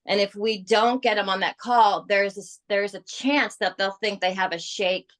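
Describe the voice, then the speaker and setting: A woman leads her team on a call, sounding energetic and persuasive as she coaches them. Her voice sits in a middle pitch. She talks in a plain, natural way. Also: moderate pace. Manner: energetic, persuasive, acts out quoted clients.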